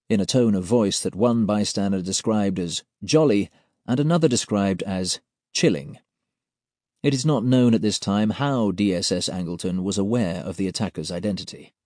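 A man reading an audiobook in a measured, formal manner, as if delivering an official report. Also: fairly low pitch, dark tone, no room sound, clean studio sound. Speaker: audiobook narrator. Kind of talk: scripted audiobook narration.

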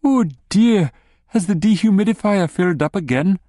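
A man voicing a brisk, bossy wife who chides her husband in a bright, teasing way. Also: mid-range voice, expressive, dry recording, studio quality, voice pushed up, lightly acted. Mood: concerned. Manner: bright, chiding.

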